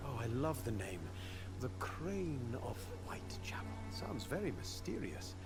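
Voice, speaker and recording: Theatrical male local in a game; animated, confiding, gossipy. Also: mid-range voice, a little slow. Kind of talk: video game dialogue. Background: game music.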